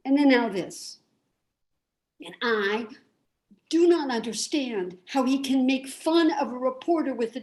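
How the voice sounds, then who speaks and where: A fretful, rambling woman voiced by an actress tumbles through a confessional stage monologue over a video call. She trips over her words and restarts her sentences again and again, in a fairly high voice. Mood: indignant. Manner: nervous, self-deprecating, halting restarts. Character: anxious rambling woman venting about her weight. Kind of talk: theatrical monologue.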